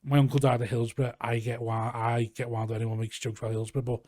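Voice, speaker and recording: A man's voice: mid-range voice, flat delivery, fast talker, a little mellow, no room sound, clean studio sound. A man from Liverpool with a Scouse accent, a comedian chatting casually as a podcast guest, rambling and swearing freely. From Liverpool, England. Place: garage studio.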